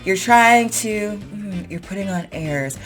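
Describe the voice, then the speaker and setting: A woman's voice: medium pitch, lively intonation, takes it slowly, faint music behind. A woman teaching English vocabulary in a chatty, explanatory way, with everyday examples and fillers. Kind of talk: casual explanatory lesson.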